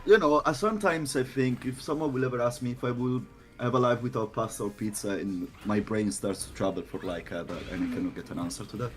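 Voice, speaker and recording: A man whose first language is Italian chats casually and talks fast. He sounds thoughtful and a little halting as he works out his answers. His voice sits at an ordinary middle pitch. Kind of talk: casual chat on a gaming stream.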